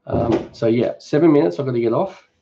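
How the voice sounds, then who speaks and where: A mid-range, creaky, mellow male voice comes through dull audio, speaking a little fast. He's hosting a live Q&A for a cooking channel, reading out viewer comments and answering them casually and spontaneously.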